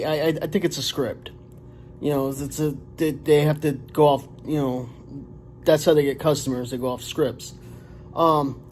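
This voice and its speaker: A man in his forties telling a story to camera in a rambling, halting way, full of fillers and restarts. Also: on the high side, darkish tone, slight background noise. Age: 40s. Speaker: vlogger.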